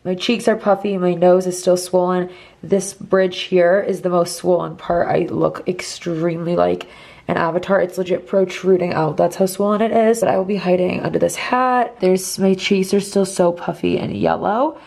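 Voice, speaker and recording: A woman's voice: on the low side, fairly even intonation, normal speed, gravelly, a little mellow. A young woman in her twenties, congested and talking strangely, chatting casually in a recovery vlog with lots of "like". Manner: chatty, lots of "like", dips into whispers. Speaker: vlogger.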